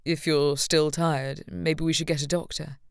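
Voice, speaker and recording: A woman narrator voicing a protective young man of royal birth, speaking quietly, low and earnest. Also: little pitch movement, unhurried, gravelly, no room sound, studio quality. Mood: tender. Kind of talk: audiobook character reading.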